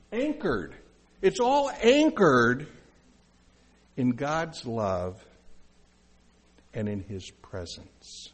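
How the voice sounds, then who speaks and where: A male pastor preaching a sermon in a conversational way, with asides and questions to the congregation. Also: a little high.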